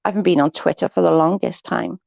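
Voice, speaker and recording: A woman's voice: on the low side, fairly even intonation, quick pace, gravelly, a little mellow, dry recording, lo-fi sound. A woman hosting a casual livestream, reading viewer chat and giving blunt, sarcastic, gossipy opinions.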